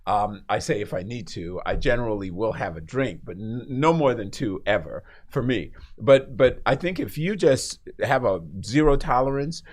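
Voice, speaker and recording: A man who is a guest on a radio talk show, telling stories in a lively way, laughing often and acting out the people in them. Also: mid-range voice, normal speed, few pauses. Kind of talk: animated storytelling in a talk show.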